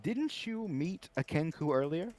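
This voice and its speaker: A man's voice: a little high, lively intonation, a little slow, a little mellow. A man playing a tabletop game in character, playful and teasingly mock-formal. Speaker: tabletop player.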